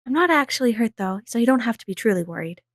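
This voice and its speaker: A woman voicing a coy, scheming young debutante with prim, sweetly theatrical high-society manners. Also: expressive, fast talker, no room sound, studio quality. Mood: teasing.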